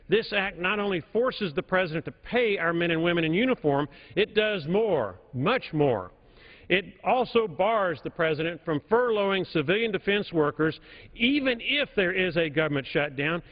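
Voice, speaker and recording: In a large legislative chamber, a congressman with a high-sitting voice delivers a formal, emphatic floor speech at a podium microphone, repeating key points for stress. The broadcast audio is dull and the chamber reverberates.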